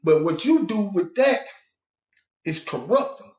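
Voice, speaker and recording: A man's voice: very animated, a little slow. A man casually telling a story about his time in prison. His talk is blunt and profane, full of fillers, and he changes his voice to act out the people he quotes. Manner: shifts pitch and loudness to act out quoted people. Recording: roomy echo.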